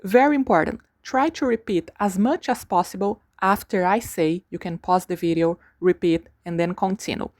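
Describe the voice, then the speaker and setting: A woman teaching Spanish vocabulary, saying each word slowly and repeating it for the learner. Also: mid-range voice, a little mellow, dry recording. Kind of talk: slow pronunciation lesson.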